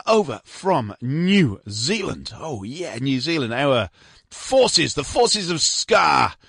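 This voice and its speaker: Lively, chatty male radio host. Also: medium pitch, dry recording, clean studio sound. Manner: chatty, rambling, jokey asides. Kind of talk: casual radio presenting. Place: radio studio.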